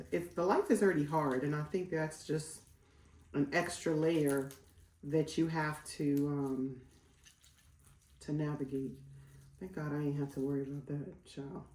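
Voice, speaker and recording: A woman's voice: low-pitched, fairly even intonation, a little slow, pauses often, a little mellow, reverberant. A woman in her forties, chatting casually as a vlogger while cooking at home, rambling with lots of fillers. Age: 40s.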